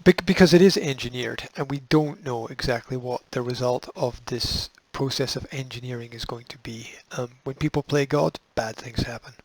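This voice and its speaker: A man's voice: medium pitch, moderate pace, few pauses, a little mellow, dry recording, poor audio. A man hosting a show, reading news items aloud and breaking off with sarcastic, dismissive asides. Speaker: host.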